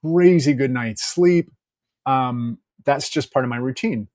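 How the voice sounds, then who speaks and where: Podcast guest, male, middle pitch, lively storyteller, dry close mic. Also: measured pace, dry recording. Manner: animated storyteller, laughs often, acts out quotes. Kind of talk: casual interview storytelling.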